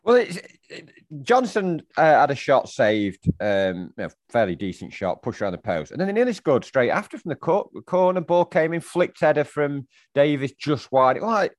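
A man co-hosting a football podcast, animated as he recounts the match. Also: a little high, normal speed, no echo, studio quality. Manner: animated, recounts match moments, mimics the crowd. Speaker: podcast co-host. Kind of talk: casual football chat.

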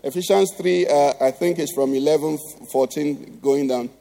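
A man's voice: on the high side, normal speed, gravelly, mellow. A Nigerian man preaching a sermon as pastor, tossing rhetorical questions at the congregation.

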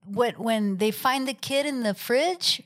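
A woman's voice: on the high side, measured pace, a bit bright. A woman chatting casually as a podcast co-host, often echoing and agreeing with her partner. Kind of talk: casual chat reviewing a film.

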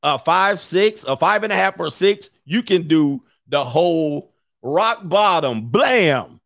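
A man's voice: fairly high pitch, animated, slow pace, gravelly, a bit bright, no room sound, studio quality. A man hosting a stream, ranting comically in casual slang and laughing often. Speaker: streamer host. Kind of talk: casual comedic rant.

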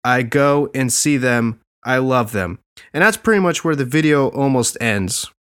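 A man hosting a podcast, chatting casually and laughing often, getting animated when he quotes people. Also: medium pitch, measured pace, clear, resonant tone. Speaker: podcast host.

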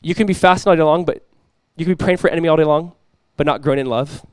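A young adult man preaching a sermon as pastor, energetic and conversational, often restarting his phrases. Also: a little high, racing, clear, resonant tone, no echo.

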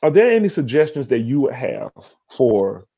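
A man's voice: medium pitch, sing-song, moderate pace, vocal fry, dark tone, husky, muffled recording. A man hosting a podcast interview, rambling with many restarts and openly moved. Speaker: podcast host. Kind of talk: emotional interview conversation.

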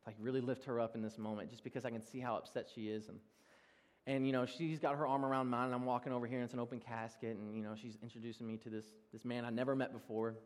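A young male pastor preaching a sermon, telling self-deprecating personal stories in an animated way with frequent laughs. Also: mid-range voice, fast talker. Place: large church hall. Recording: long reverb of a church hall.

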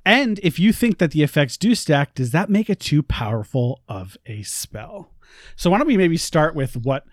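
A woman's voice: low-pitched, very animated, moderate pace, no echo, clean studio sound. A woman co-hosting a casual podcast, upbeat and giggly, chatting and asking a guest questions. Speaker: podcast co-host.

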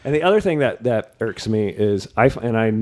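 Male comedian, casual and blunt, lower voice. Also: expressive, a little fast. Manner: blunt, self-deprecating. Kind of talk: casual chat.

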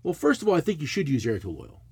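A man's voice: fairly high pitch, fast, gravelly, husky, dry recording. A middle-aged man, telling a profane, blunt story in casual chat as a podcast co-host. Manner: animated, swearing, blunt ranting.

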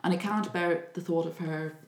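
A woman's voice: fairly low pitch, moderate pace, a little hiss or hum. A woman casually retelling a folk tale, acting out the characters' voices. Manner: lively, acts out voices. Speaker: storyteller. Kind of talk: casual storytelling chat. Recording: echoey room.

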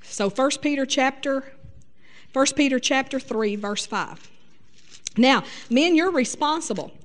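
A middle-aged woman preaching a sermon in a lively, folksy way, sprinkling her talk with hallelujahs. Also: high-pitched, unhurried.

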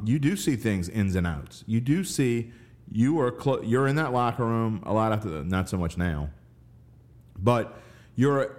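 Male podcast host, lowish voice, casual sports chat with plenty of restarts. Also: darkish tone. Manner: conversational, rambling with restarts.

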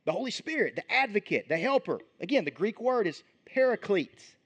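Male pastor, sermon, high voice, lively swinging delivery, conversational. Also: brisk, slightly rough. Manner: animated, conversational preaching with frequent restarts.

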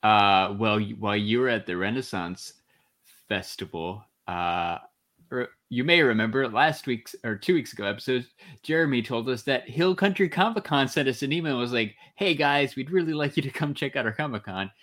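A man's voice: mid-range voice, lively intonation, moderate pace, a bit bright. A man co-hosting a podcast in easygoing casual chat, laughing often. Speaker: podcast co-host.

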